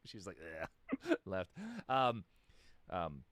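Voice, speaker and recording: A man's voice: low-pitched, quick pace, fairly bright tone, dry recording. A man, a musician guest in a casual interview, telling stories in a rambling way with lots of fillers and restarts.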